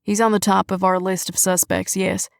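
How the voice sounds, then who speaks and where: Police chief figure, male, grave and steady, dry studio read; a woman narrator voices him. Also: mid-range voice, normal speed, gravelly, clear, resonant tone, dry recording, natural voice. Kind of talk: audiobook character reading.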